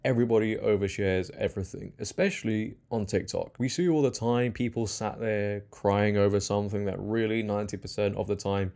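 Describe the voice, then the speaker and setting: A man's voice: fairly low pitch, fairly even intonation, a little fast, creaky, hardly any pauses, a little mellow. A young man hosting political commentary in a mocking, sarcastic tone. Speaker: commentary channel host.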